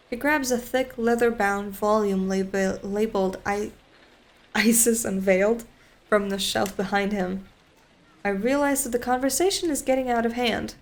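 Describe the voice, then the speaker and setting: A woman streamer reading a visual novel aloud, narrating casually and adding quick off-script asides. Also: medium pitch.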